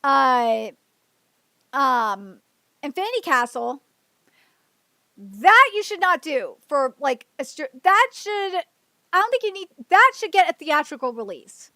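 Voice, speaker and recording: A woman streamer with a very high, bright and piercing voice, swinging widely up and down as she rants. She swears freely and trails into rambling restarts. The sound is close and dry. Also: big pitch swings, takes it slowly, pauses often, no room sound. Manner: profane, heated ranting. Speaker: livestream host. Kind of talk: livestream commentary rant.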